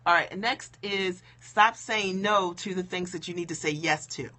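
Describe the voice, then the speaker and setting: A woman's voice: fairly low pitch, normal speed, hardly any pauses, bright, forceful tone. Emphatic woman coaching on a live stream. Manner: emphatic, conversational, full of "okay?" and "right?". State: low-key because it is late. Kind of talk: motivational live stream talk.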